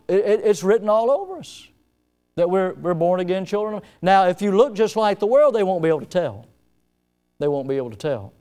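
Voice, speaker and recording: A man preaching a sermon as pastor, telling stories and acting out scenes with lively emphasis. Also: on the high side, clean tone. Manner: storytelling preacher, animated, acts out scenes.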